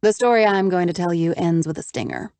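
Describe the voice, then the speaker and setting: A woman narrator plays a persistent young woman whose speech is crisp and businesslike, a little higher than the narration. The reading is close and completely dry. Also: a little fast, darkish tone, no echo, lightly acted. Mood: determined. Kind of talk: audiobook character voice.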